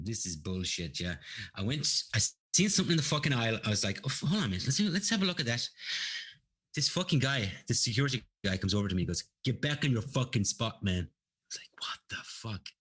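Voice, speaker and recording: A man, telling stories at length and swearing freely. His voice sits low and sounds husky and a little breathy. He talks like he is chatting with friends. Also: a bit bright. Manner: profane, ranting storyteller. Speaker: guest. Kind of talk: casual chat.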